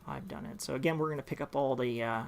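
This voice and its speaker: A man giving casual, rambling gameplay commentary, full of pauses and restarts. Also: mid-range voice, vocal fry, slight background noise. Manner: rambling, with many fillers and restarts. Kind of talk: casual let's-play commentary. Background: game music.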